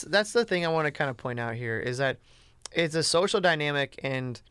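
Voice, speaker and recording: A man's voice: mid-range voice, a bit bright, clear, resonant tone, no echo, clean studio sound. A man talking casually and bluntly in a rambling way, with lots of "you know" and "like". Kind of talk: casual chat.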